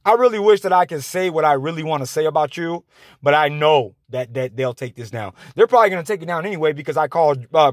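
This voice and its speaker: A man delivering an angry, confrontational rant to his viewers, halting often on fillers. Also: on the high side, no room sound, clean studio sound. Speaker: vlogger.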